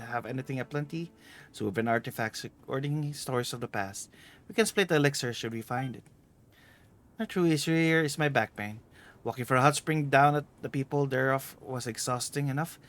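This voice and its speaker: A man's voice: mid-range voice, close to an everyday voice. A man reading the lines of a teasing, vain aging female treasure hunter aloud while streaming a game.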